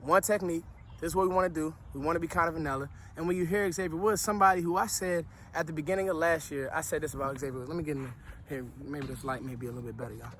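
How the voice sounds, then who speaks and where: A man talking casually about football on his vlog, out of breath and sweaty after a workout, animated and full of slangy restarts. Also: on the high side, very fast, slight background noise. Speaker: sports vlogger.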